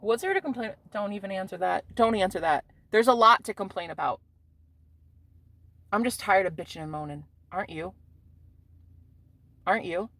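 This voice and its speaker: A woman in her thirties, a vlogger talking casually outdoors on a street in a brash, loud-mouthed way, swearing and laughing often. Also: medium pitch, moderate pace, pauses often, dry recording. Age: 30s.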